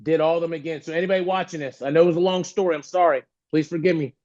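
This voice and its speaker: Guy telling a story on a podcast, does everybody's voices, kinda high voice, slightly dull audio. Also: rapid-fire. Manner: animated, acts out the voices of people he quotes. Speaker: podcast guest. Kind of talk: storytelling in an interview.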